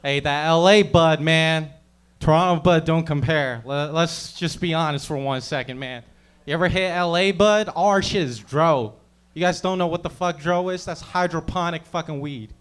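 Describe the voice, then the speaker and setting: A man's voice: a little high, normal speed, smooth. A male stand-up comedian on a club stage with a swaggering, slangy, profane delivery.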